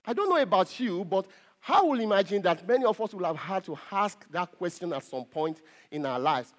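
A pastor preaching an earnest sermon to his congregation, repeating phrases and pausing on fillers. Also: high-pitched, animated.

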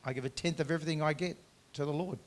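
Guy preaching a sermon, earnest, gets loud then drops quiet and chatty, stretches words out. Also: on the high side, steady tone, rapid-fire. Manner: earnest, swings from loud emphatic to quiet conversational. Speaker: pastor.

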